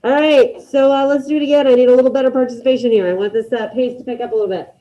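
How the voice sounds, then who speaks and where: A Spanish teacher with a fairly high, warm, steady voice leads an online class over a video call, brisk and encouraging. She keeps calling on students by name as she checks their work. Her audio comes through a dull, lo-fi computer mic.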